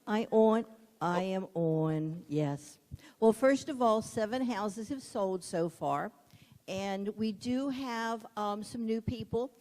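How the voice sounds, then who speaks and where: Woman, welcome-table greeter, slow and friendly, hall echo. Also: mid-range voice, a little mellow. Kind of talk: casual announcements. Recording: echoey community hall.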